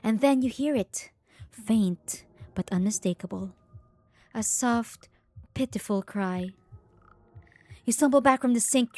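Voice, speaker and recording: A woman's voice: on the high side, darkish tone, no echo. A woman streamer reading a horror game's text aloud with dramatic, tense narration and shocked asides.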